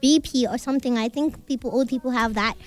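A woman's voice: on the high side, fairly even intonation, fast talker, no room sound. A young woman co-hosting a radio show, teasing the host in a playful, mock-serious way. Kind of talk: casual radio banter. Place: radio studio.

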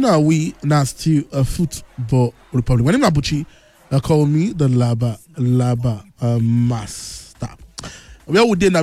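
A man with a Nigerian Pidgin accent hosting a call-in football talk show on the radio, boastful and teasing, now and then bursting into shouts. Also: fairly high pitch, dry recording. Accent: Nigerian Pidgin English. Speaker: radio sports show host.

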